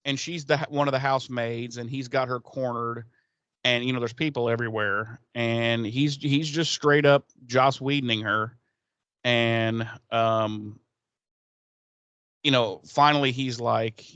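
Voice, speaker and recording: A man's voice: medium pitch, fairly even intonation, unhurried, a bit bright, smooth, dry recording, highs cut off. A man co-hosting a podcast, recapping an episode in casual, profane chat and acting out the characters' lines. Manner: profane, rambling, acts out quotes. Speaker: podcast co-host.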